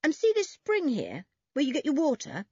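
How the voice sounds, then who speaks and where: A woman voicing a cheeky, teasing boy who brags eagerly in a lively way. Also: high-pitched, moderate pace, dry recording, highs cut off, voice pushed up, exaggerated voice. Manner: lively, bragging.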